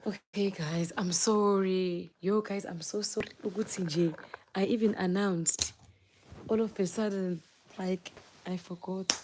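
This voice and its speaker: A woman's voice: medium pitch, fairly even intonation, measured pace, background noise. A South African woman with a Zulu accent, a native Zulu speaker, chatting casually and with lots of energy to viewers on a live phone stream and mixing in Zulu words.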